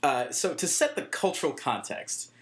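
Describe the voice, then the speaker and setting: A man's voice: a little high, sing-song, moderate pace. A man co-hosting a podcast, chatting casually about a movie, joking and laughing often. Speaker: podcast co-host. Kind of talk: casual movie-review chat.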